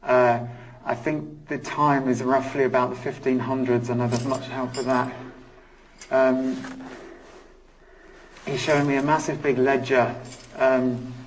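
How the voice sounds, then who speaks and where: A man working as a psychic medium on a live ghost hunt, talking in halting bursts and repeating his words. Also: medium pitch, flat delivery, far from the mic, slight background noise, poor audio. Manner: halting, repeats words, speaks of feeling panic and anger. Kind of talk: live paranormal investigation.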